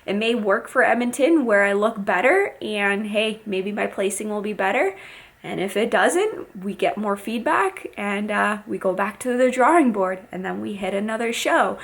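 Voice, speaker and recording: A woman speaking in a middle-range voice with a gravelly, fry-tinged texture. She talks casually and candidly to her viewers in a vlog, chatty and open, with easy fillers as she shares how her competition went. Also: mid-range voice, animated, normal speed. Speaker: bikini competitor and fitness coach.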